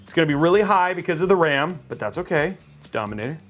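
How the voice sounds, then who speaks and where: A man's voice: on the high side, expressive, fast talker, fairly bright tone, soft background music. A man hosting a live PC-building stream from a studio. He chats casually and cheerfully and rambles with plenty of fillers. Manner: chatty, upbeat, rambling with fillers. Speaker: livestream host building a PC.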